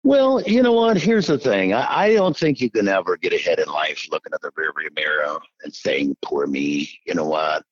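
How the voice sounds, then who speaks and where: A middle-aged man from Iowa telling his story as an interview guest in a folksy, animated way. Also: low-pitched, normal speed, hardly any pauses, husky, dry recording, highs cut off. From Iowa, USA. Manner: animated, folksy, acts out quoted voices. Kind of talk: casual storytelling.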